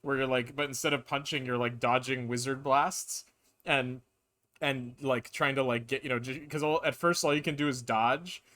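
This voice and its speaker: A man's voice: medium pitch, steady tone, moderate pace, a bit bright. Rambling male game streamer. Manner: rambling, full of "like" and restarts. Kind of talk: casual live-stream chat. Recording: game music playing behind.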